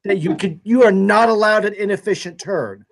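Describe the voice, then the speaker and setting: A man's voice: high-pitched, moderate pace, vocal fry. A man co-hosting a board game live stream, bantering in casual chat with dry, wry teasing.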